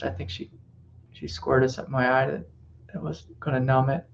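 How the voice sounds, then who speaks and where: Gentle gravelly man teaching spirituality. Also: medium pitch, level tone, fairly quick, highs cut off, slight background noise. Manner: gentle, reflective, with soft whispered reassurances. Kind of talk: satsang teaching talk.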